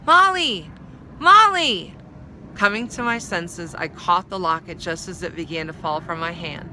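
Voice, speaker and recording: Woman reader, measured and expressive, narrating a children's story; very bright tone. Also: fairly low pitch, slight background noise, rough recording. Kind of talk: reading a children's novel aloud.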